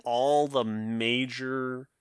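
A man's voice: mid-range voice, steady tone, extremely slow, clean tone, no echo, studio quality. A man co-hosting a science podcast, explaining at length and thinking aloud with restarts. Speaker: podcast co-host. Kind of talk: casual science podcast chat.

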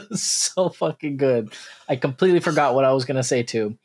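A man's voice: mid-range voice, expressive, moderate pace, darkish tone. A man co-hosting a casual podcast chat, enthusiastic, laughing often and swearing casually. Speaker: podcast co-host.

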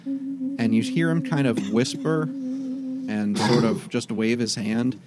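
A man narrating a tabletop game as game master, describing scenes with frequent hesitant pauses. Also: mid-range voice, wildly swooping pitch, heavy background noise.

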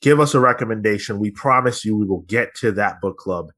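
A male podcast host with a somewhat low voice, talking in a loose, rambling way full of fillers. He chats casually and runs through the usual sign-off plugs. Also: fairly quick, a bit bright. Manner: rambling, filler-heavy, conversational.

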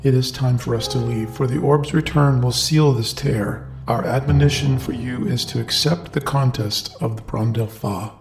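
A man voicing a mysterious robed otherworldly figure who speaks in slow, measured, cryptic pronouncements. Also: mid-range voice, fairly even intonation, vocal fry, music in the background, natural voice. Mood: solemn, cryptic.

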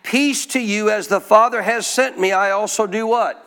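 A man's voice: high-pitched, normal speed, fairly bright tone, smooth. A man preaching a sermon in a church, putting questions to the congregation and drawing answers back in call-and-response. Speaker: pastor.

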